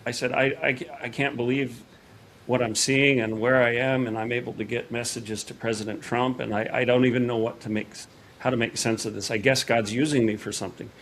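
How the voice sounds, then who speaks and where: A middle-aged man, a podcast guest, telling a personal story in a casual, animated way and acting out quoted dialogue. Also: medium pitch, brisk, slight background noise.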